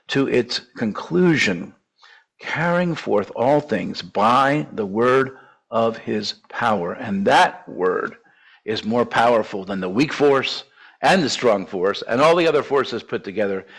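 Gravelly older man preaching. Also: medium pitch, low-quality recording. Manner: conversational, with asides and restarts. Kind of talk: sermon-style teaching talk.

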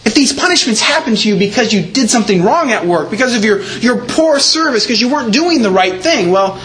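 A man's voice: very high voice, lively intonation, a little fast, fairly bright tone, slight background noise. A man preaching a sermon as pastor, earnest and emphatic, leaning on repeated words.

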